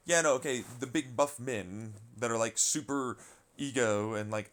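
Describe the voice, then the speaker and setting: A man in the middle of a loose vlog rant, his voice sitting at an ordinary middle pitch. He rambles and doubles back, swears constantly, and sounds worn out with the whole subject. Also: normal speed, fairly bright tone. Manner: rambling, profane, exasperated. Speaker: vlogger. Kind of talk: casual rant commentary.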